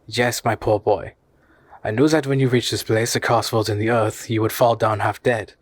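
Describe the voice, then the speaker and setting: A man's voice: lowish voice, fairly even intonation, no room sound, lightly acted. A man reading as a stubborn old professor. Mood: tender. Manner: slow, earnest, then harsh and commanding. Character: stubborn elderly male professor, fierce explorer.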